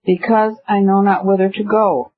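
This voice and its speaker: Earnest pleading pilgrim, slightly high and husky, read by a man. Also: little pitch movement, moderate pace, narrow, tinny audio. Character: anxious burdened male pilgrim, earnest.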